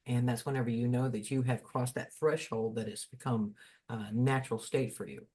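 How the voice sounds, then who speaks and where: A man's voice: mid-range voice, fairly even intonation, normal speed, darkish tone. A man speaking in a casual fireside chat as a spiritual guest, telling stories in a folksy, rambling way.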